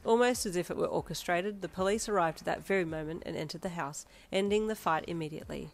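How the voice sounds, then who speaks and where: Woman reading a you-story fanfic, lowish voice, dramatic and expressive. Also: fast talker, soft background music. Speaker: fanfiction narrator. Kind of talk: second-person romance story reading.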